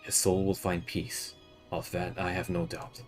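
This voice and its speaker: A man's voice: low voice, completely flat delivery, a little slow, soft background music. A man voicing a polite, sympathetic adventurer hero who speaks in formal phrases.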